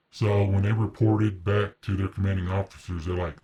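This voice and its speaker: A man's voice: sits low, steady tone, normal speed, hardly any pauses, mellow, husky. A man casually telling a long story, rambling with asides and restarts.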